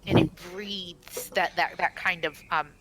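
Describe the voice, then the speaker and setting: A woman's voice: lowish voice, fairly even intonation, measured pace, loud music behind the voice, low-quality recording. A woman narrating as game master of a tabletop game, rambling with frequent restarts.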